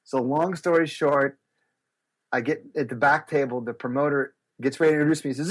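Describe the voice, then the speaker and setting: A middle-aged man telling stories as an interview guest, acting out quotes with big jumps in his voice. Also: fairly quick. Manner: lively, acts out quotes with big pitch jumps. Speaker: guest speaker and business coach. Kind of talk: animated storytelling interview.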